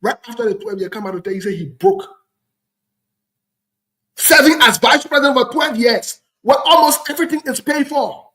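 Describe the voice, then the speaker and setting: A man's voice: very high-pitched, normal speed, bright, forceful tone, poor audio. A man with a Liberian English accent hosting a talk show, giving heated political commentary in an emphatic, repetitive, lecturing way.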